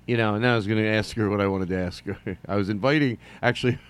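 A middle-aged man hosting a solo comedy podcast, rambling and joking, jumping from loud bursts to mumbled asides. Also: fairly low pitch, steady tone, fast talker, clear, resonant tone. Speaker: podcast host.

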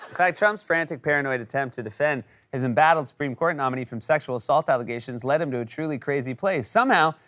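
A man's voice: medium pitch, quick pace, few pauses, a bit bright. A man hosting a late-night comedy show, delivering a sarcastic, jokey monologue.

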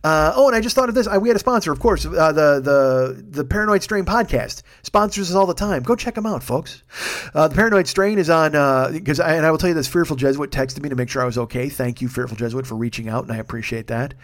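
A man's voice: fairly high pitch, quick pace. A man hosting a podcast alone, telling a rambling, profane comic story from his apartment. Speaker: podcast host. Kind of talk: solo comedic monologue. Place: home apartment.

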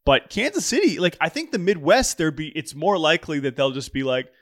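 A man's voice: a little high, very animated, a little fast, a bit bright, dry recording, studio quality. A man co-hosting a baseball podcast in casual chat, joking, reading listener emails, often restarting sentences. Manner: chatty, jokey, many restarts. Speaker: podcast co-host.

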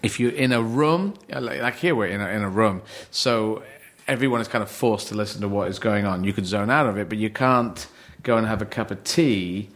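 A man's voice: fairly low pitch, a little fast, fairly bright tone. A middle-aged man from England, a comedian in casual podcast chat, rambling and laughing as he talks, restarting his sentences often. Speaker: comedian guest.

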